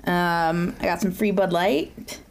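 A woman's voice: fairly low pitch, fairly even intonation, slow, a little hiss or hum. A woman co-hosting a podcast, chatting casually and laughing often as she tells stories. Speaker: podcast co-host. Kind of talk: casual chat.

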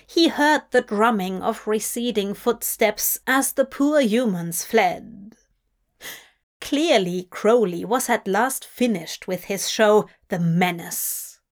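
A woman reading fanfiction aloud as an audiobook, telling the story slowly and deliberately. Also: medium pitch. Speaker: audiobook reader.

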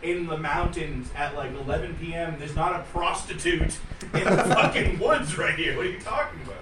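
A young man hosting a podcast in a studio, telling stories in a lively, swearing, casual way. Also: fairly high pitch, normal speed, music in the background, poor audio. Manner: animated storytelling, swearing, laughing often. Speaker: podcast host. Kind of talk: casual chat.

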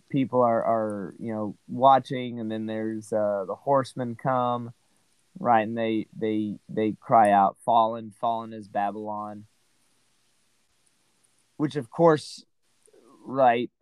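A man's voice: medium pitch, darkish tone, clear, resonant tone, dry recording, rough recording. A man casually discussing a Bible passage as a podcast co-host, rambling with many "right?" and "you know" asides.

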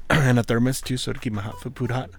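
A man chatting casually on a podcast in a laid-back, halting way, swearing often. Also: mid-range voice, fairly even intonation. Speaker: podcast co-host. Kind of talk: casual chat.

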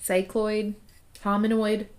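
Slow-talking playful woman. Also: medium pitch, flat delivery, a little mellow. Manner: playful, tosses out rhyming words one after another. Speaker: podcast co-host. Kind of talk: casual chat, brainstorming rhymes.

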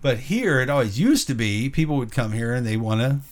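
A man's voice: mid-range voice, animated, brisk. A man co-hosting a Christian talk show, rambling through opinions and tagging points with rhetorical questions. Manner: rambling, rhetorical "right?" tags. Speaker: podcast co-host. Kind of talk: conversational Christian commentary.

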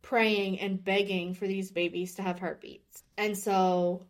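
Her tone level and pace measured, a woman in her thirties appears as a podcast guest and candidly recounts a personal story, earnest and open about her emotions in a mid-range voice.

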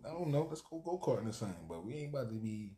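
A man hosting a podcast in casual chat, laid-back, swearing freely and breaking into loud laughs. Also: medium pitch, big pitch swings, racing. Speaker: podcast host.

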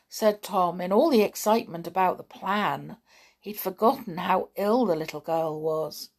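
A woman narrating a children's story aloud, expressive, with dramatic pauses. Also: fairly low pitch, vocal fry, slightly rough. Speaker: audiobook narrator.

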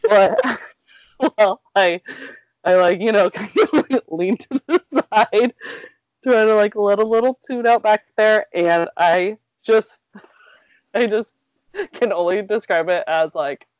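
A woman's voice: mid-range voice, takes it slowly, no echo. A woman in her thirties telling a story in casual chat, talkative and laughing through her words with lots of "like". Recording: dull lo-fi dry recording.

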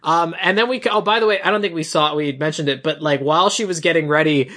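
A man co-hosting a podcast, telling a movie's story in a lively way and acting out the characters' lines. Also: fairly high pitch, fast talker. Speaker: podcast co-host. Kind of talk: casual chat recapping a movie.

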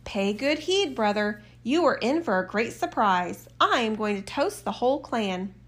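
A woman's voice: fairly high pitch, animated, measured pace, a bit bright. A woman voicing a bold, cheerful, hungry soldier in a fairy tale reading, speaking heartily. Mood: hearty. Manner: hearty and confident.

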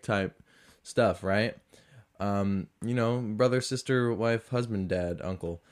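A man hosting a podcast tells stories in a loose, rambling way, and his accent drifts between a Southern US drawl and Boston. He mocks himself often and keeps the delivery casual and animated. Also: fairly low pitch, unhurried. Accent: mix of Southern US and Boston. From American South and New England. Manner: rambling, self-mocking, animated. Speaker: podcast host. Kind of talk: casual storytelling monologue.

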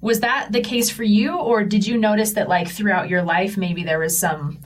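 A woman's voice: medium pitch, steady tone, normal speed. A woman co-hosting a casual interview, chatty and full of "like" fillers. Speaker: podcast co-host.

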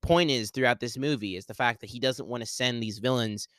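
A man hosting a podcast solo, talking excitedly and rambling, with lots of "like". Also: mid-range voice, a little fast, dry recording. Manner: excited, rambling, heavy use of "like". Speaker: podcast host. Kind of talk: solo movie spoiler talk.

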